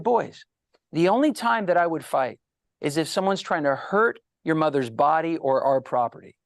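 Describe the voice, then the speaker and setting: A middle-aged man, a guest psychologist, telling animated stories in an interview and acting out the voices he quotes. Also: a little high, vocal fry, no room sound, studio quality. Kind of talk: storytelling interview answers.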